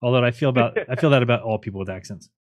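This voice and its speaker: A man's voice: medium pitch, rapid-fire, dry recording. A man hosting a call-in show, talking bluntly and mockingly and laughing often. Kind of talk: casual call-in talk.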